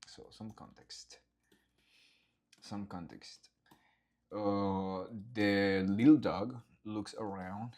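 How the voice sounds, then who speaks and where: An animator enthusiastically walks through his storyboards in a casual behind-the-scenes vlog, his voice lowish and lively. He acts out the scenes with sound effects and swearing.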